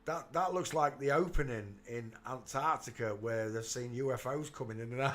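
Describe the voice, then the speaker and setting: A man's voice: fairly high pitch, big pitch swings, normal speed, hardly any pauses, pushed and bright. A man hosting his channel, giving mocking commentary over photos and calling out to the viewer. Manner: jeering, talks to the viewer, breaks into laughter. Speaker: channel host.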